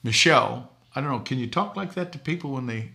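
An older man from Boston preaches in a gravelly voice with a bright edge. He tells folksy stories and chuckles at his own jokes while he hosts a talk show. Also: medium pitch, animated, fast. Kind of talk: preaching talk show answering viewer questions.

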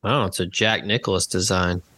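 A man co-hosting a podcast, joking around and animated in casual chat. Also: moderate pace, no echo. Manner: animated, jokey, swings pitch for bits. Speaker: podcast co-host.

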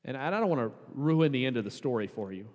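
Conversational preacher in a reverberant hall. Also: male voice, medium pitch, expressive, quick pace, a little mellow. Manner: conversational preaching, rising to emphatic peaks. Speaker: pastor. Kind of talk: sermon.

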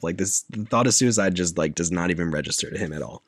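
Man, very low voice, casual film recap, lots of likes and ums, dry close sound. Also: fast talker, gravelly, few pauses, fairly bright tone, slightly rough, no room sound. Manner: rambling, full of "like" and "um".

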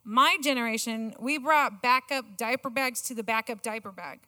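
A middle-aged woman giving a sermon with a personal story, excitable and self-mocking, laughing often. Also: a little high, moderate pace. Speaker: church speaker. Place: church auditorium. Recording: long church hall reverb.

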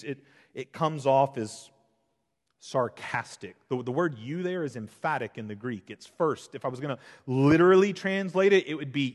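A man preaching an expository sermon as pastor, shifting between loud emphasis and hushed, intense passages. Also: mid-range voice, animated, normal speed. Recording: long hall reverb.

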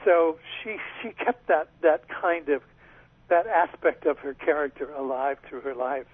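Husky man on a tinny phone line. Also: on the high side, unhurried, dry recording. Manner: thoughtful storytelling, occasional laughs and restarts. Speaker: author guest. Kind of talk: radio interview over the phone. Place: home in Northern California.

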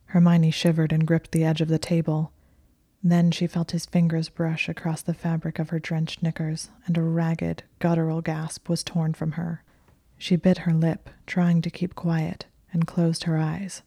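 A woman narrates a story in a slow, hushed whisper. Her voice sits low and dark, staying flat and even throughout. The recording is close and dry. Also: no echo.

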